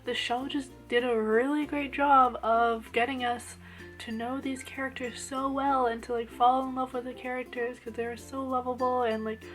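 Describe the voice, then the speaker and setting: A young woman gushing through an anime episode review in casual chat, full of "like" fillers. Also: a little high. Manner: gushing and animated, lots of "like" fillers.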